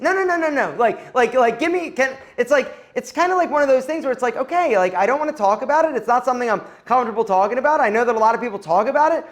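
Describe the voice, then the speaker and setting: Candid, rambling man with a high voice. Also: animated, fast talker, hardly any pauses, a bit bright. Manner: rambling, heavy on "like" and restarts; candid, speaks his mind bluntly. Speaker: vlog host. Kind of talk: casual talking-to-camera vlog.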